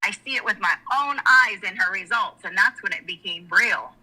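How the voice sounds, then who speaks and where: A woman's voice: medium pitch, normal speed, sharp tone, low-quality recording. A middle-aged woman, candidly telling a personal story in conversation, frank and emotional and often rambling with restarts. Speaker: guest.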